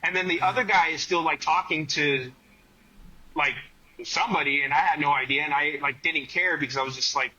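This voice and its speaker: A man's voice: on the high side, a little fast, husky, lo-fi sound. A man, a guest on a running podcast, telling stories in casual conversation with lots of "like" fillers. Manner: animated storyteller, many fillers like "like".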